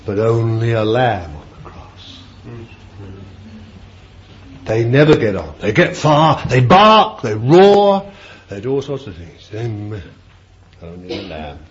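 A male preacher delivers a sermon slowly and deliberately, stretching out words and lingering on them. His voice is highly animated, dropping to quiet musing and rising to loud cries. The recording is dull and lo-fi, with a faint ambient hiss behind him. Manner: slow and deliberate, drawing out words.

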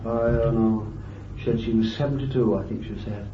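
A man preaching a fervent sermon, swinging from loud exclamations to hushed asides. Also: on the low side, steady tone, moderate pace, a little hiss or hum. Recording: roomy, distant, dull lo-fi tape recording.

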